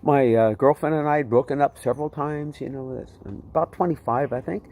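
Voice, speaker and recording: A man telling his personal testimony in a vivid, animated way, often repeating himself. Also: mid-range voice, brisk. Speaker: testimony speaker.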